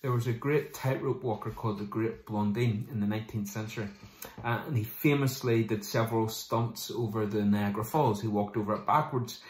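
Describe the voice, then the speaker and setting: A male pastor delivering a sermon, lively and conversational, sometimes mimicking people in quick asides. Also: lowish voice, reverberant.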